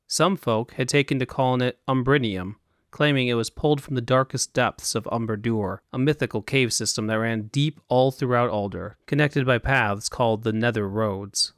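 A man's voice: medium pitch, moderate pace, dry recording, studio quality. Man narrating a fantasy audiobook.

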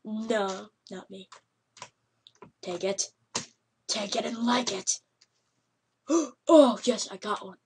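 A woman giving excitable, yelping commentary over a game she is playing. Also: medium pitch, takes it slowly, pauses often, slight background noise. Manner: excitable, yelps and laughs at the game. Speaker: gameplay commentator. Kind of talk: let's play commentary.

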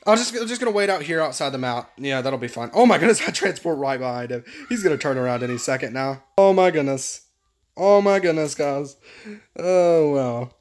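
A man hosting a gaming video, commentating with excitable, exclamatory energy. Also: fairly high pitch, brisk. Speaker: gaming channel host.

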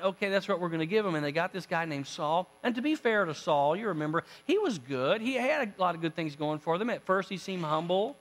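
A male pastor with a high voice tells a scripture story in a folksy, animated way, full of asides to his listeners. His voice carries the long reverb of a church sanctuary. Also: fairly quick. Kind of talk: storytelling sermon.

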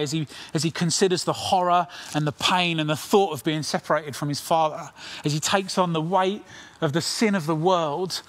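Middle-aged preacher guy, kinda high voice, earnest sermon, goes quiet for the big lines. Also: fairly even intonation. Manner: earnest, dramatic pauses, drops to near whisper on key lines.

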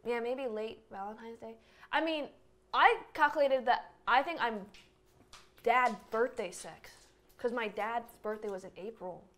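A woman's voice: on the high side, measured pace, a bit bright. A woman from Nebraska chatting casually and playfully with friends. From Nebraska, USA. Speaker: guest streamer. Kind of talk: casual chat.

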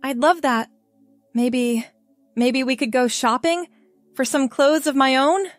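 A woman voicing a shy, nervous young man who speaks in a hushed, hesitant way. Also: high-pitched, slow, dry recording, faint music behind, pitched above the performer's own voice. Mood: grateful.

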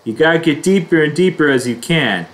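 A man hosting his own reaction video, reading his intro and verdict in a slow, deliberate, plain way. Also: a little high, lively intonation. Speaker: video reactor, channel host. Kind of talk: scripted reaction video narration.

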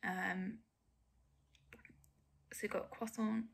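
A woman's voice: medium pitch, level tone, extremely slow, gravelly, husky. A young woman giving candid, self-critical reaction commentary as a vlogger, often dropping to a near whisper.

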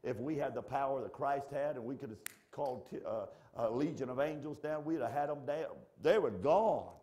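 A middle-aged male pastor preaching a folksy, animated sermon in church that swings from shouting to hushed. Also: mid-range voice, normal speed.

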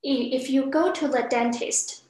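A woman teaching a beginner class, patiently explaining and acting out example sounds with exaggerated pitch. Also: normal speed, a little mellow, reverberant, rough recording. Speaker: Chinese language teacher.

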